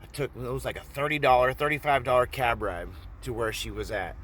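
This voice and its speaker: A man from Oregon casually telling a personal story in a rambling, profane, animated way. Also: mid-range voice, brisk.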